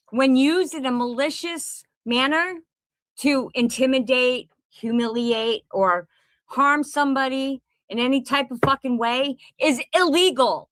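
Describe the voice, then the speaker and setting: Speaking from home in Pennsylvania, a middle-aged woman who makes content delivers a confrontational, swear-filled rant to the camera and hammers the same points again and again. Her high, fairly bright voice comes through with no room sound.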